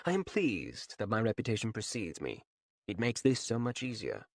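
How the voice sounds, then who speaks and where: A man narrating an audiobook, voicing a calm, contemptuous hooded assassin who speaks low and quiet. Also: normal speed, dry recording, studio quality, exaggerated voice. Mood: smug. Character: calm cowled male assassin, cool and contemptuous.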